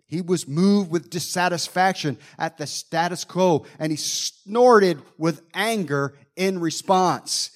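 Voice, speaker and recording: A man delivers a sermon with a somewhat high voice, reading scripture verse by verse. He explains each passage with dramatic emphasis, acting out groans and sighs and pressing hard on key phrases. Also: slow pace, few pauses. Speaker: preacher.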